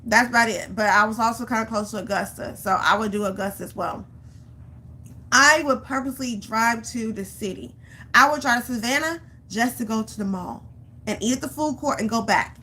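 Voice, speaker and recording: A woman vlogger talking straight to her viewers and urging them past their fears. She tells her stories with lively, acted-out panic and repeats phrases for emphasis. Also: fairly high pitch, brisk, breathy edge. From Georgia, US. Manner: animated storytelling, acts out her own panic. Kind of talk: motivational vlog talk.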